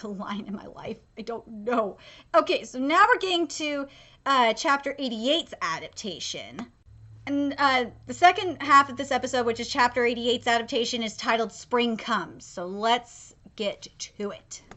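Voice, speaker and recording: Young woman anime reactor, bright high voice, effusive and emotional, rambling live commentary. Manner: gushing, emotional, many fillers and restarts.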